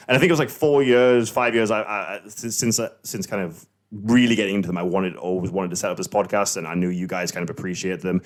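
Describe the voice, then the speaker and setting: A man's voice: deep voice, fairly even intonation, quick pace. Rambling young man hosting a podcast. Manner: rambling, hesitant, full of restarts and swearing. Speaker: podcast host. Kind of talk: casual chat among friends.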